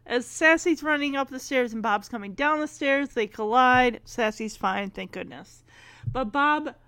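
A woman with a fairly high voice talks through a film in casual commentary, giggling between lines and retelling scenes with lively enthusiasm. Her voice sounds close and dry, with no room around it. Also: a little slow, dry recording. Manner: giggly, animated retelling with frequent laughter. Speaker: movie recap commentator.

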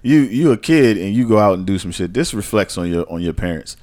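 A man's voice: lowish voice, animated, a little fast, a little mellow. A man co-hosting a podcast who argues his point emphatically in casual chat. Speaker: podcast co-host.

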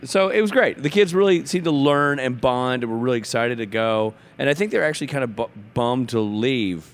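A man co-hosting a casual podcast chat, a father telling jokey, animated stories about his kids. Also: mid-range voice, a little fast. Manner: joking storyteller, animated asides. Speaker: guest co-host.

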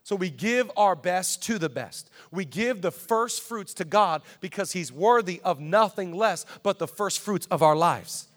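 A man preaching a sermon as pastor in church, emphatic and repetitive, swinging between quiet asides and loud declarations. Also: high voice, animated, unhurried, few pauses.

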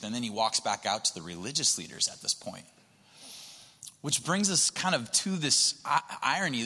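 Male preacher, bright forceful tone, conversational, repeats words, long reverb. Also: medium pitch. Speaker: pastor. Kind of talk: sermon. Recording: reverberant hall.

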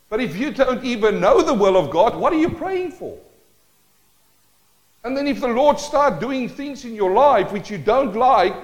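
A man's voice: sits high, poor audio. A male pastor preaching a sermon, asking the congregation rhetorical questions and acting out prayers in shifting tones.

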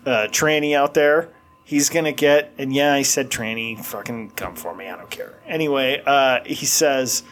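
A man's voice: mid-range voice, normal speed, fairly bright tone. A middle-aged man co-hosting a podcast, talking in a crude, blunt way and laughing often. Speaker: podcast co-host. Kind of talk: casual chat.

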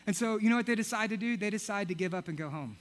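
A young man preaching a sermon, telling a story in an animated way and acting out the characters. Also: high voice, racing. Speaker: pastor.

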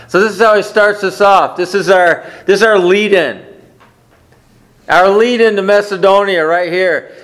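A man's voice: sits high, fairly bright tone. A man preaching a conversational sermon, often asking the congregation questions. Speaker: pastor.

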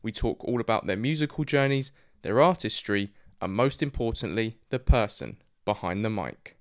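A man's voice: on the low side, animated, normal speed. A man hosting a music podcast, reading a scripted intro and then interviewing a guest in a friendly, chatty way. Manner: friendly, chatty, says "mate". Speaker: podcast host.

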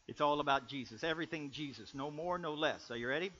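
A man, a pastor, preaching a sermon with dynamic swings from loud bursts to quiet asides. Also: a little high, fast, few pauses, slight background noise. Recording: dull lo-fi recording.

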